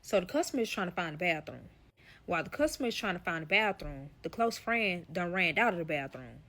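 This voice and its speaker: A woman's voice: fairly low pitch, a little fast. Profane woman telling a wild story. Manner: profane, animated storytelling addressing the audience. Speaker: storyteller guest. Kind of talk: casual story time.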